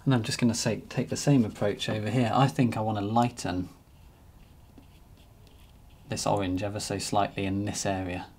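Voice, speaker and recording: A man narrating a painting demonstration as he works, relaxed and thinking aloud. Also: on the low side, moderate pace, long pauses, slight background noise. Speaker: painting teacher.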